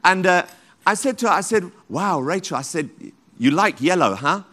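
Fervent preacher, raised voice. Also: male voice, sits high, animated, moderate pace, fairly bright tone. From London, England. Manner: fervent preaching with repeated exclamations of praise. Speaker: pastor. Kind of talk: sermon. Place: church.

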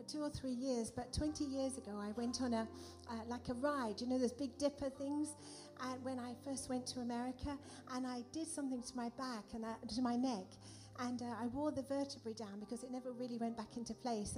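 A woman's voice: on the high side, mellow. A woman giving a spontaneous testimony, rambling with many fillers. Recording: live with music behind.

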